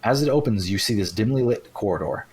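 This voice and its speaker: Young guy game master, low husky voice, stumbles and restarts a lot. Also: expressive, a little mellow, rough recording. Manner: halting, many restarts and fillers. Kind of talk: narrating a tabletop game.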